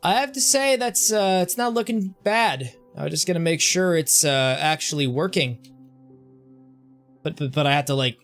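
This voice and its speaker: A young man giving casual gameplay commentary as a streamer, self-mocking and often stumbling over his words in quick restarts. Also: fairly high pitch, lively intonation, a bit bright, faint music behind. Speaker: gaming streamer.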